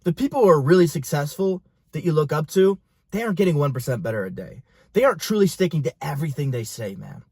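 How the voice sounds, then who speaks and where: A man's voice: fairly high pitch, husky, dry recording. A young man, a fitness and business coach, talking straight to camera in an intense, profane, pushy motivational style.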